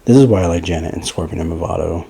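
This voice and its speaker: A man's voice: sits low, racing, vocal fry, warm tone, husky. A young man giving casual, rambling gameplay commentary for a fighting-game guide, a little out of breath. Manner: rambling, loose, with many fillers and restarts. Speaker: gaming guide creator.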